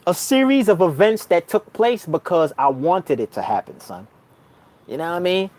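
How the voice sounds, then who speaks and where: New York man, spiritual vlogger, slangy storytelling monologue, very lively pitch, swings loud to murmured. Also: moderate pace. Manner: slangy, calls the listener son and bruh; swings between loud outbursts and low murmurs.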